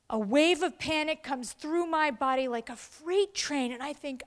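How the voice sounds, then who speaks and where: Slow-spoken woman telling a story in a hall. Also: sits high. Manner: dramatic storytelling, acting out quoted voices. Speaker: keynote speaker. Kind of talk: storytelling speech to an audience. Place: large event hall.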